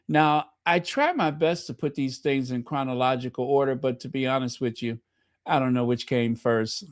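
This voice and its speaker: A man with a medium-pitched voice, recorded dry at studio quality, delivers casual royal news commentary on video. He is chatty and gushing, talks straight to his viewers, and leans on fillers and self-corrections.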